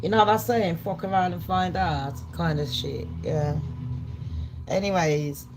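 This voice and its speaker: A middle-aged woman from Jamaica, hosting a brash, profane live-stream chat that swings loud and animated. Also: lowish voice, measured pace, background noise. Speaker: channel host.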